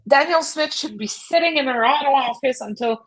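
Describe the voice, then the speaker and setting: A woman's voice: high voice, a bit bright, poor audio. A woman co-hosting a casual political podcast, talking in emphatic, opinionated bursts. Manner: emphatic, opinionated, quick outbursts.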